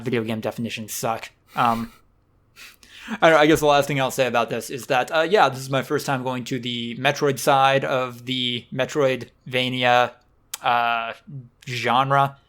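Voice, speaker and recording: A man's voice: mid-range voice, a bit bright. Rambling male podcast co-host. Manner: rambling, hedging with fillers. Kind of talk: casual chat.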